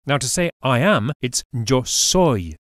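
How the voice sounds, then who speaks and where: This is scripted Spanish-lesson narration by a man whose medium-pitched voice is expressive and slow-paced. The recording is dry and studio-clean, and he patiently explains things while carefully pronouncing each example word as a clear model.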